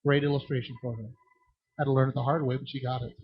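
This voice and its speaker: A man's voice: mid-range voice, quick pace, slightly rough, no room sound. A man leading a children's ministry training workshop, answering questions from the audience and acting out voices in his stories. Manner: animated, acts out voices in anecdotes, frequent restarts. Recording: dull lo-fi, dry sound.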